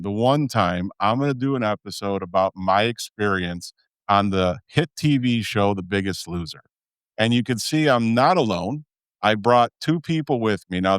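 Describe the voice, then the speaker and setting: A man's voice: on the low side, smooth, dry recording. A man with a Chicago accent hosting a podcast, talking candidly and chatting with guests, with frequent "uh"s. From Midwestern US. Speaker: podcast host. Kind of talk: casual podcast talk.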